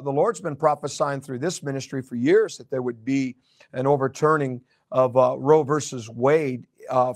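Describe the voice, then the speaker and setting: A man's voice: mid-range voice, no echo, studio quality. A man preaching a prophetic sermon in a conversational way, with fillers, repeated words and joking asides. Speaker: pastor.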